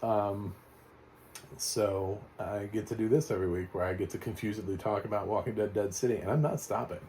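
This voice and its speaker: Rambling man with a low, mellow voice. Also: steady tone, a little fast, a little hiss or hum. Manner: rambling, full of fillers and restarts, blunt and profane. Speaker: TV reviewer. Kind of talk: casual spoken TV recap.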